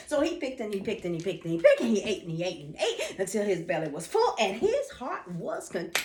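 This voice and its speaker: Animated singsong woman storyteller. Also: medium pitch, brisk, a little hiss or hum. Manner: animated, singsong, repeats phrases rhythmically. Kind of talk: oral folk tale storytelling. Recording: echoey room, distant mic.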